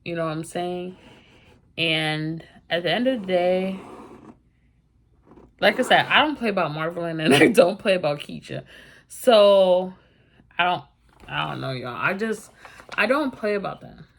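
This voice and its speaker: A woman's voice: lowish voice, animated, a little slow, vocal fry, pauses often, slight background noise. A young woman vlogger telling a personal story, candid and emphatic, in a casual storytime vlog.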